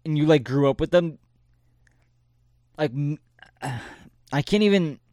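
A man's voice: a little high, expressive, slow, dark tone, no room sound. Profane laid-back young man, dry sound. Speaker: podcast co-host. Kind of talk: casual chat.

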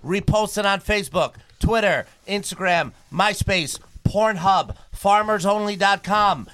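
A man's voice: high voice, measured pace, slight background noise. A man co-hosting a podcast, rowdy and crude in casual banter, signing off. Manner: loud, crude, joking. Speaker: podcast co-host.

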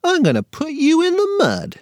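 A man voicing a stubborn little boy who makes squeaky, defiant threats in a storybook for kids. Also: huge pitch swings, normal speed, no room sound, studio quality, exaggerated voice. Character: stubborn little boy, toddler then schoolboy.

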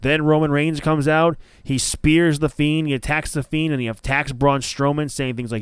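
A man hosting a casual wrestling podcast offers opinionated takes, rambling and frequently correcting himself mid-sentence. His voice is a little high and smooth at normal speed, recorded with studio quality and no echo.

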